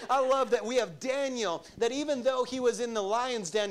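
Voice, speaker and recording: A male pastor preaching a sermon, asking the congregation rhetorical questions and repeating key phrases for emphasis, sometimes dropping to a soft, quiet delivery. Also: extremely high pitch, normal speed, hardly any pauses.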